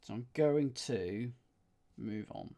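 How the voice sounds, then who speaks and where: A man working through a crossword live, murmuring each clue back to himself and counting letters on his fingers aloud. His voice sits at an ordinary middle pitch for a man, relaxed and conversational as he reasons it through. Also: slow pace, gravelly. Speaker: puzzle streamer. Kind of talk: thinking aloud while solving live.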